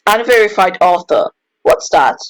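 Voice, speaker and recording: A woman's voice: on the low side, expressive, moderate pace, low-quality recording. A woman co-hosting a podcast over a voice call, giggly and exclaiming, whose first language is Czech. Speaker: podcast co-host. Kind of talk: casual chat over voice call.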